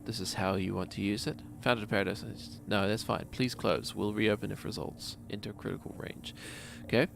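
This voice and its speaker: A man's voice: fairly low pitch, normal speed, gravelly, hardly any pauses, background noise. A man with a New Zealand accent, casually commenting on a game and reading its messages aloud with jokes. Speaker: streamer.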